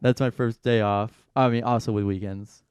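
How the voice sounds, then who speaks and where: Male podcast co-host, easygoing and halting, smooth voice, dry sound. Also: on the low side, steady tone, a little mellow, no room sound. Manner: laid-back, halting with ums. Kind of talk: casual chat.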